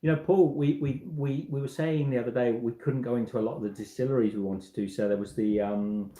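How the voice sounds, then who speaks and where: A man's voice: medium pitch, steady tone, brisk, mellow, reverberant, rough recording. A man hosting a casual livestream from a home, rambling and chatty, restarting and repeating words as he goes. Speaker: walking-trip vlogger and livestream host. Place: indoors in a home.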